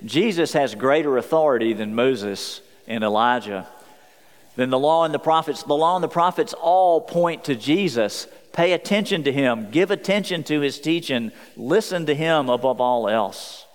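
A male pastor delivers an earnest sermon at a mid pitch. He slows down for quoted scripture, and his voice rings with a long reverb, as if from a large church hall. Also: animated.

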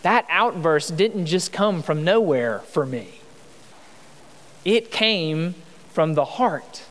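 Male pastor, 30s, conversational sermon delivery with rhetorical questions; high voice, long hall reverb.

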